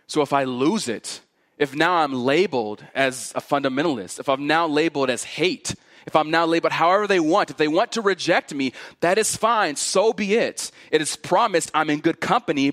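A man preaching an expository sermon in an earnest voice, stacking repeated phrases as he builds each point and dropping low and quiet for his warnings. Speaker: pastor.

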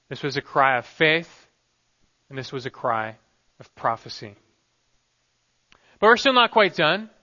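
A man preaching an expository sermon as pastor, earnest and emphatic, often letting the ends of his phrases drop soft. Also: mid-range voice. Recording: dull lo-fi recording.

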